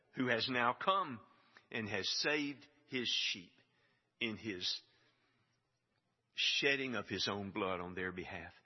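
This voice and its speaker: A man's voice: mid-range voice, slightly rough. A man preaching a sermon, emphatic and building to stressed repeated phrases. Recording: dull sound with long hall reverb.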